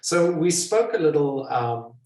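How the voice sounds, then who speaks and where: Guy hosting an interview, slightly high voice, echoey room. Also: measured pace. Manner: relaxed interviewer, short affirmations. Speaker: host, interviewer. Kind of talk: casual interview. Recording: roomy echoey sound.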